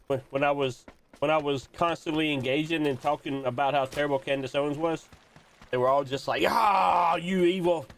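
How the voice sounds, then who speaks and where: A man streaming a game, chatting casually and ranting with opinionated restarts. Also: mid-range voice. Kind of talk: casual gaming stream chat.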